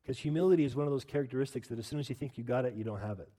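A man preaching a sermon as pastor, emphatic, often urging "listen" and climbing to loud peaks. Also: mid-range voice, racing, big-room sound.

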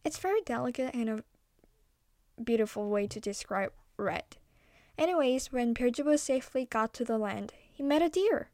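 A woman's voice: a little high, animated, moderate pace, darkish tone, no room sound, clean studio sound. A young woman retelling a folktale in a casual way, often breaking off into chatty asides and apologizing for getting distracted. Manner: chatty, self-interrupting, playful. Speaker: storyteller.

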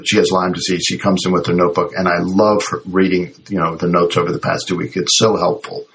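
Male host with a very low voice, calm reflective summarizer. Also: quick pace, vocal fry. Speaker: host, health practitioner. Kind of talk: interview talk.

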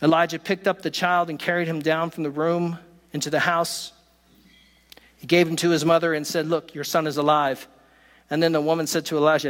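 Preaching man in a reverberant hall. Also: on the high side. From not from West Virginia. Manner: expressive preaching, slows for emphasis. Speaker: pastor. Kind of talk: sermon.

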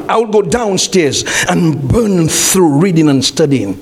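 A man in the pulpit, preaching with a voice that sits high for a man. He repeats his phrases, throws questions to the congregation and climbs into shouts. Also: animated, measured pace. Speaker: pastor. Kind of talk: sermon. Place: church.

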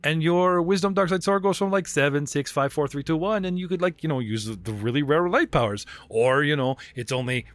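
A man's voice: fairly high pitch, a little fast, hardly any pauses, no room sound. A man running a tabletop role-playing game as game master, chatting and narrating in a rambling, casual way. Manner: chatty, rambling, laughs often.

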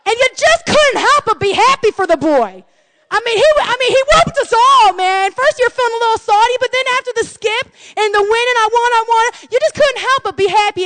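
A middle-aged woman pastor preaching a lively, folksy sermon, swinging from hushed asides to shouted excitement. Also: very high voice. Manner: folksy, says "y'all" and "man".

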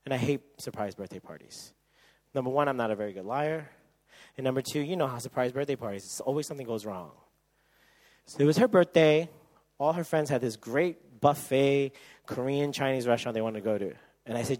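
A man in his thirties preaching at a camp, telling a personal story with lively acted-out voices and frequent laughter. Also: medium pitch, fast. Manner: animated storyteller, acts out voices, laughs often. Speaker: camp speaker. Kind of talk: sermon with storytelling.

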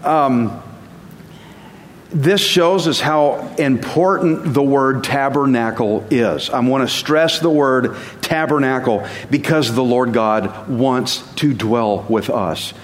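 A man's voice: mid-range voice, slow. A man giving a casual sermon as a Bible teacher, conversational and self-deprecating, chuckling at himself now and then. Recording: long reverb.

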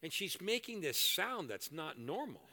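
An older man preaching a sermon and leading prayer in a church, animated and joking at his own expense. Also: high-pitched, moderate pace. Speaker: pastor. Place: church hall. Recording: echoey hall reverb.

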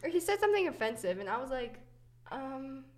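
A woman's voice: sits high, big pitch swings, racing, a little mellow. A young woman hosting a podcast, telling personal stories in casual chat, chatty and giggly with many fillers. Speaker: podcast host.

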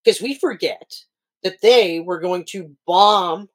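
Animated man telling stories on a podcast. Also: high voice, slow. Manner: animated storyteller who acts out quotes and swears freely. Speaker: podcast co-host. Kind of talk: casual chat.

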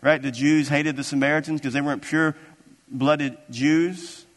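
A man pastor preaching a sermon in a church, animated and acting out scripture scenes. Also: fairly high pitch, unhurried. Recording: long reverb of a large hall.

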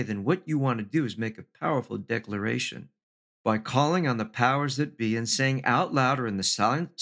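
A middle-aged man giving an inspirational speech to an audience. He talks in measured, slow lists, lifts his pitch for emphasis and drops in the odd wry aside. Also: gravelly, fairly bright tone. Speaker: motivational speaker.

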